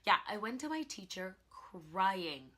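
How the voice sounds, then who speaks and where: A young woman vlogging in a casual, animated way, telling her story with laughter and emphasis. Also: mid-range voice, measured pace. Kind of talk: casual vlog monologue.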